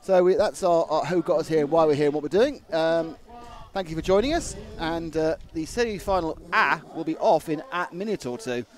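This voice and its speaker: A man's voice: fairly high pitch, fairly quick. A man co-hosting a live race broadcast, chatty and jokey, introducing the schedule and his co-host. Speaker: race commentator.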